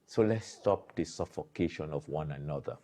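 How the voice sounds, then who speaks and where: A man's voice: extremely low pitch, normal speed, dark tone. A man delivering an emphatic, preachy political commentary monologue as the host of his own show.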